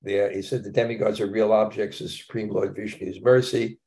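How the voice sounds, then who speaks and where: A man's voice: on the low side, level tone, brisk, gravelly, mellow. A man teaching a scripture class in a casual, conversational way, with chuckling asides.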